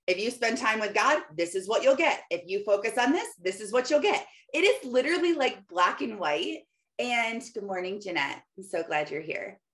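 A woman's voice: mid-range voice, lively intonation, normal speed, a bit bright. Enthusiastic woman hosting a faith podcast. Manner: enthusiastic, chatty, full of "like" fillers. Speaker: podcast host. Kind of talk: faith-based morning podcast livestream, casual.

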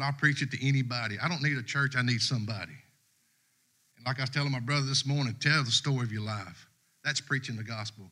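In a church sanctuary, a middle-aged man preaches as a guest, his sermon relaxed and folksy for the congregation. He talks at a medium pitch, bright and forceful, in a chatty Southern US way.

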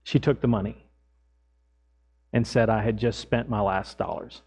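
A middle-aged man preaching as a pastor, telling everyday stories in a lively way and acting out his own lines. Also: on the low side, unhurried, vocal fry. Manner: animated storytelling, acts out his own lines loudly. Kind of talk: sermon with personal stories.

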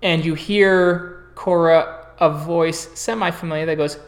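A man narrating a tabletop horror game as the game master, in a relaxed, descriptive way. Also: a little high, a little slow, reverberant.

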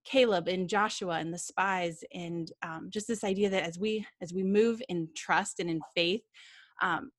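A woman co-hosting a church podcast, speaking earnestly in quick bursts with "um" fillers. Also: lowish voice, steady tone, dry recording, studio quality. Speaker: podcast co-host. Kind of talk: casual podcast chat.

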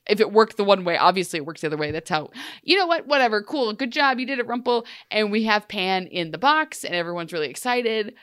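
A woman's voice: mid-range voice, expressive, fast talker, hardly any pauses, fairly bright tone, clear, resonant tone, dry recording, studio quality. A young adult woman co-hosting a podcast, chatting casually and sarcastically about a TV episode. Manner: chatty, sarcastic asides, acts out quotes. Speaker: podcast co-host. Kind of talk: casual TV recap chat.

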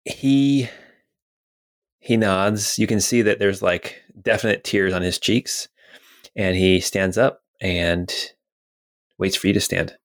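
A man's voice: deep voice, steady tone, takes it slowly, pauses often. A man narrating as game master, rambling with many fillers and restarts.

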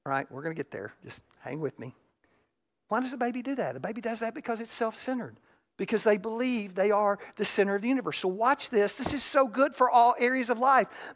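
A pastor preaching in a relaxed, conversational way, dropping into soft, confiding asides and then lifting the voice for emphasis. Everyday characters are acted out mid-sentence. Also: mid-range voice, a little fast. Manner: shifts often between soft asides and raised emphasis. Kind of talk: sermon.

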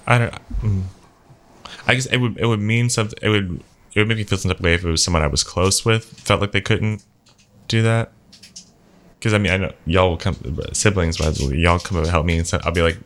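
A young man with a very deep voice answers questions in a family conversation. He is hesitant and fills his pauses while he thinks. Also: a bit bright. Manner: hesitant, thinks aloud with fillers. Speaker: guest. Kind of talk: casual conversation.

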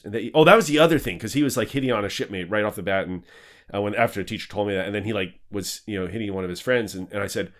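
A man's voice: lowish voice, very fast. A male podcast host telling a long story in a casual interview, rambling and correcting himself, and laughing as he goes. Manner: animated, laughs while telling stories.

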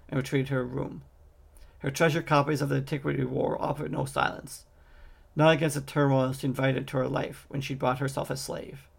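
A man reading a fantasy novel aloud as an amateur audiobook, steady with small slips and restarts. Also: mid-range voice, creaky, breathy edge. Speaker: audiobook reader.

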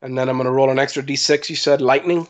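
A man playing a tabletop game, calling out his rolls and actions in a relaxed, matter-of-fact way. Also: mid-range voice, fast. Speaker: player. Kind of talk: casual tabletop play.

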